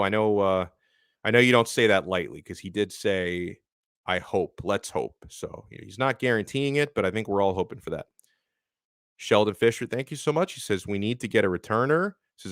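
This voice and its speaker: Lively man hosting a sports stream, lowish voice, dry close mic, reads fan chats with energy. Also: clean tone, dry recording. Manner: animated, lively, quick with shout-outs. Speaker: sports show host. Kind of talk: live-stream sports talk reading viewer chats.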